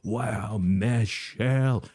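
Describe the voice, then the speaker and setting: A man's voice: on the low side, very slow, darkish tone, slightly rough. A man hosting a casual live stream, reading viewer comments aloud and teasing one chatter in a playful, crooning way.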